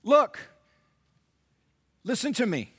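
A man preaching a sermon, retelling scripture dramatically, swinging from hushed lines to loud, animated asides. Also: very high voice, slow pace, husky. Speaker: pastor.

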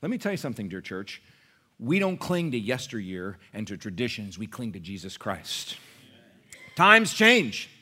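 A middle-aged man preaching a sermon to a congregation as their pastor. He calls for responses from the room and swings between quiet asides and loud, raised declarations. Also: on the low side, animated, normal speed. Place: church service.

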